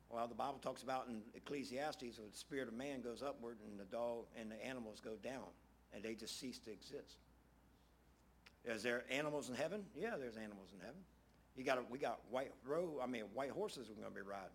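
A man preaching in a loose, homespun way. His voice sits at an ordinary middle pitch, and he circles back on his phrases to drive a point home. He sounds like he is talking the Bible through with his congregation. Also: a little hiss or hum. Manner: folksy and conversational, repeats phrases for emphasis. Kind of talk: casual sermon.

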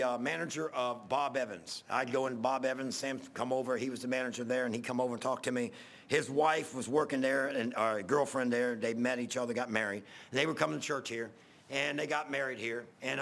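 A middle-aged pastor, preaching in a folksy, rambling storytelling way, repeating himself and getting loud at emotional peaks. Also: male voice, mid-range voice, vocal fry.

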